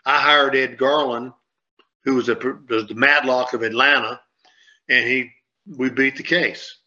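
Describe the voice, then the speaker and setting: A man's voice: medium pitch, steady tone, a little slow, pushed and bright. A man on a sports radio show, rambling and repeating himself as he tells a story and acts out what people said. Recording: dull lo-fi sound.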